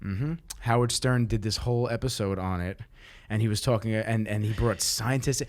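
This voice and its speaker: A man's voice: fairly low pitch, steady tone, moderate pace. A man hosting a podcast, chatting casually, restarting his sentences and swearing freely. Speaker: podcast host. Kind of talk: casual chat.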